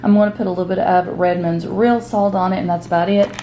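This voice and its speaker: A woman's voice: on the low side, steady tone, fast talker, dark tone, a little hiss or hum. A woman in her forties talking candidly and heartfelt to her viewers in a personal vlog, direct and openly emotional at times, later cooking in her home kitchen. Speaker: keto vlogger.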